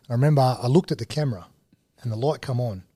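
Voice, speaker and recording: A man with an Australian accent, a guest telling lively stories in a casual podcast interview and acting out other people's lines. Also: mid-range voice, racing, husky, no echo, clean studio sound. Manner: animated storyteller, mimics others in dialogue.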